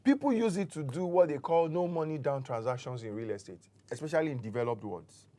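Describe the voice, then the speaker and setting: A man with a Nigerian English accent explains contracts on a studio talk show, emphatic and patient. His voice sits a little high for a man. He builds points step by step and gets more animated as he goes. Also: fairly quick. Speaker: real estate expert guest.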